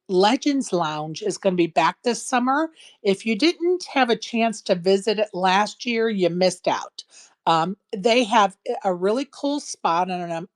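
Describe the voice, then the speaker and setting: Chatty folksy woman hosting a stream. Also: medium pitch. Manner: chatty and folksy, says "y'all", frank opinions. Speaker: show host. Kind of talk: casual live-stream chat.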